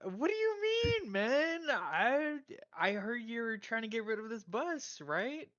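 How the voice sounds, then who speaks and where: A player voicing a brash, friendly adventurer who greets people loudly. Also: mid-range voice, big pitch swings, unhurried, dry recording, muffled recording, pitched above the performer's own voice. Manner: loud, bro-ish greeting.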